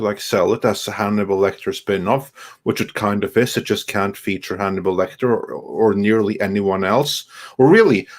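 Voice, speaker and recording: A man in casual podcast chat, emphatic and matter-of-fact. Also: fairly low pitch.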